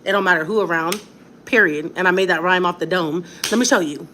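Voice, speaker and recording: A woman's voice: fairly low pitch, brisk, pushed and bright, slight background noise. A woman who is a mother vlogging from home at night into a phone, ranting in an emphatic, repetitive and defiant way. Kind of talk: home vlog rant. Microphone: phone on a ring light setup.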